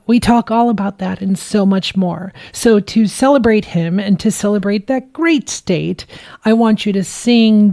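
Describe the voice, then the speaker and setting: A woman's voice: mid-range voice, mellow, no room sound. A woman from the Midwestern United States hosting her podcast solo, with a playful, theatrical and effusive delivery. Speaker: podcast host.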